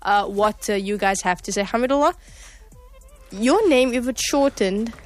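A woman's voice: mid-range voice, moderate pace, faint music behind. A South African woman hosting a radio show in a studio, cheerful and chatty, laughing now and then. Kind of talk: casual radio chat.

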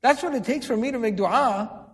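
A man's voice: very high-pitched, normal speed. A man giving a religious lecture to a live audience, quizzing them and repeating key words for emphasis. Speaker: religious teacher. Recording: long hall reverb.

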